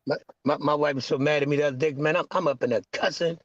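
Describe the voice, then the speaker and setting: A man's voice: fairly high pitch, fairly even intonation, fast talker, no echo, highs cut off. A middle-aged man talking casually, stammering and rambling with frustration. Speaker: podcast guest. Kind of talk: casual chat.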